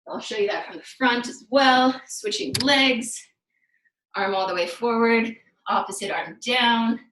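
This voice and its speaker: A woman leads a live fitness class over a video call, cueing each move as she demonstrates it. Her voice sits a touch high and rings around a bare, echoey room. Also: unhurried, fairly bright tone, slight background noise. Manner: instructive, cueing exercises while demonstrating. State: out of breath. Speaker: fitness instructor. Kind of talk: live online workout class.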